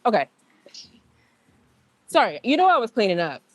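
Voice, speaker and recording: A woman's voice: medium pitch, animated, normal speed, dry recording. A woman chatting casually on a livestream from the gym, telling stories in slang with laughs and acting out other people's lines. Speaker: livestream host.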